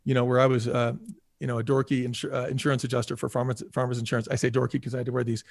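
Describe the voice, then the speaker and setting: A man's voice: mid-range voice, flat delivery, very fast, creaky, no room sound, studio quality. A man from the United States, a podcast guest and former restaurant executive, talking casually with many "you know" fillers and acting out quotes. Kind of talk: casual conversational interview.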